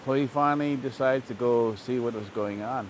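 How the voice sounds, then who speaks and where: A male storyteller recounting a traditional tale at an easy middle pitch, with plain, repetitive phrasing and occasional fillers. A faint rumble sits underneath. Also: moderate pace. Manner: relaxed, repetitive, plain-spoken. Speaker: language teacher telling a traditional story. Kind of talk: oral storytelling.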